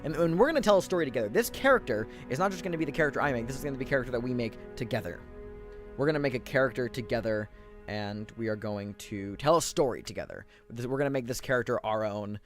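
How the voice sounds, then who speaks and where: A man's voice: mid-range voice, expressive, fast talker, soft background music. A man streaming a role-playing game, chatting casually and self-deprecatingly with his viewers.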